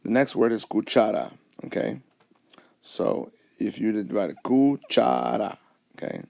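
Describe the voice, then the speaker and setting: Low gravelly man teaching a lesson. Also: unhurried, darkish tone, no room sound. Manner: patient, explains step by step, mixes English and Spanish. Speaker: Spanish teacher. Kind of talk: whiteboard lesson narration.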